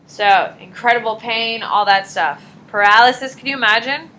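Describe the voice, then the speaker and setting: A woman's voice: fairly high pitch, normal speed, poor audio. A woman teacher giving a casual, jokey classroom lecture in a classroom, acting out little dialogues as she explains. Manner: animated, jokey, acts out dialogue.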